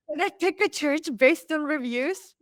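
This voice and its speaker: A woman guest on a podcast, telling a personal story with lively acted-out quotes. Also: high voice, slow pace, dry recording, clean studio sound. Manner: animated, acts out quoted lines. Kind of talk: storytelling in an interview.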